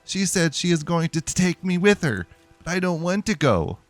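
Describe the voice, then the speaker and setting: A man's voice: a little high, sing-song, moderate pace, faint music behind, voice pushed up. A man voicing a frightened young male priest in a video game, stammering and pleading between sobs. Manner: sobbing, stammering pleas.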